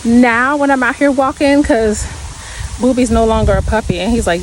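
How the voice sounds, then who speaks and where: A woman's voice: a little high, expressive, measured pace, a little hiss or hum, rough recording. A woman chatting casually as she walks outside, a little winded and laughing often. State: slightly winded. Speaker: vlogger. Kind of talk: casual walking vlog chat. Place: outdoors in a hilly neighborhood.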